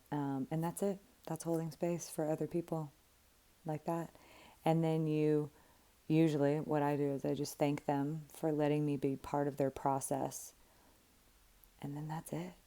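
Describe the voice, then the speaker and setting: A woman's voice: deep voice, dark tone. A middle-aged woman talking candidly and emphatically as a coach, now and then swearing for emphasis. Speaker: life coach. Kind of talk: casual direct-to-camera talk.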